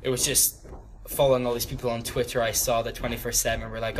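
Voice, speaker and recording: A man's voice: mid-range voice, little pitch movement, fast, hardly any pauses. Young man, twenties, casual youth-group talk, mid voice, umming and laughing at himself, faint background hiss. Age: 20s. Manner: rambling, many ums and restarts, laughs at his own stories. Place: church room with a small group.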